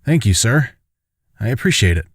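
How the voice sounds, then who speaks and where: A man's voice: big pitch swings, normal speed, breathy edge, dry recording, clean studio sound. A man voicing a young furry alien woman, a determined militia fighter, in a raised earnest voice. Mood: grateful. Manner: pitched up, earnest, cries out in alarm.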